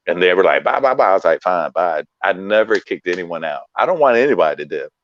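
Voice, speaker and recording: A man's voice: sits low, lively intonation, fast, lo-fi sound. A man telling stage stories in casual chat as a guest comedian, laid-back and acting out quoted lines, heard over a video call.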